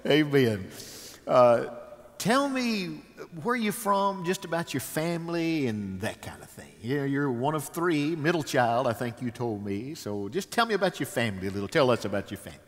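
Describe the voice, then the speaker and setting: A folksy male pastor with a mid-range, sing-song voice gives a stage interview in a church sanctuary, pausing often with hesitant "uh"s and saying "amen." The large hall gives the recording a long reverb.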